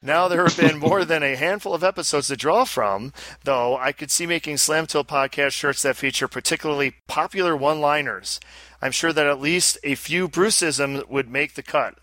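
A man's voice: a little high, normal speed, bright, forceful tone, dry recording. A man co-hosting a casual podcast, reading listener letters aloud and breaking in with joking asides. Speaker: podcast co-host.

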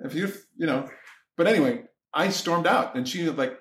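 A man talking candidly as a podcast guest, telling his story in an animated way and loudly acting out his exasperation. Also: a little high, a little fast, echoey room. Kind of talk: candid casual chat.

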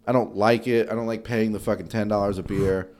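A man's voice: lowish voice, fairly even intonation, a little fast, a little mellow. A young man co-hosting a comedy podcast who swears freely and jokes in a mock-wounded way. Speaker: podcast co-host. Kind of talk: casual comedic banter.

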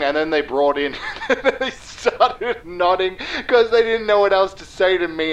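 An Australian man playing a grandiose, meandering mock political candidate in a mock-solemn campaign pitch. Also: fairly bright tone, muffled recording, natural voice. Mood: boastful.

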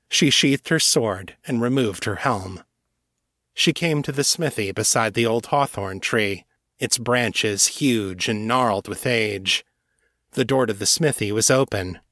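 A man narrating fiction in a measured, unhurried reading. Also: on the low side, a bit bright, dry recording, studio quality.

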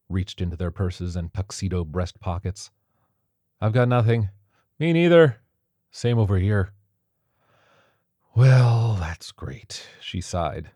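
A man narrating a novel in a steady, measured storytelling voice. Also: deep voice, no echo. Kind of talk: audiobook narration.

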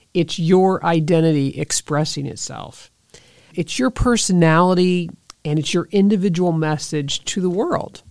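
Woman podcast host, motivational monologue, earnest and encouraging, some vocal fry, dry close sound. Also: on the low side, a little mellow, no room sound. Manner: earnest, encouraging, direct address with rhetorical questions.

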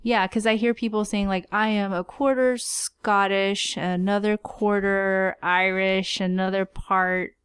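A woman's voice: medium pitch, level tone, a little slow, hardly any pauses, clean tone, no echo, clean studio sound. An American woman who is a podcast guest, explaining her thoughts in a hedging, casual way.

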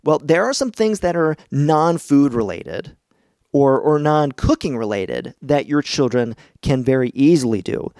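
A middle-aged podcast host, a little high-voiced, expressive, and a little mellow, speaks a little slowly from his home basement. His casual instructional talk is chatty and encouraging, with frequent laughter as he explains things. The recording is dry and clean, studio quality.

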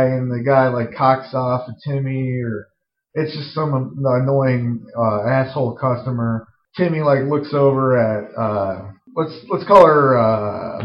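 Rambling man pitching a movie scene. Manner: rambling, full of "like" and "uh", profane. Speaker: screenwriter pitching a story. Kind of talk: casual rambling story pitch. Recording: roomy, dull lo-fi recording.

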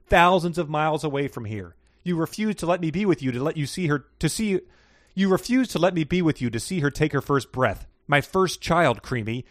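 A man's voice: fairly high pitch, no echo, clean studio sound, lightly acted. A man voicing a wounded husband who pours out accusations at his wife. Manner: rapid, accusing outpouring.

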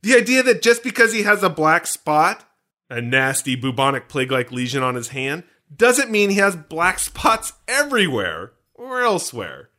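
A man co-hosts a casual podcast and recaps a film scene by scene, full of jokes and rambling asides. His voice sits a little high and swings widely in pitch. The tone is bright and forward. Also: moderate pace. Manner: animated, joking, rambling asides. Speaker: podcast co-host.

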